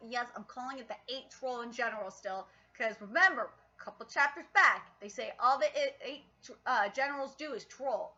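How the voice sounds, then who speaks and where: A woman reacting live while reading a manga aloud, loud and excitable, with frequent outbursts and heavy swearing. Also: on the high side, moderate pace, few pauses. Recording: lo-fi stream audio.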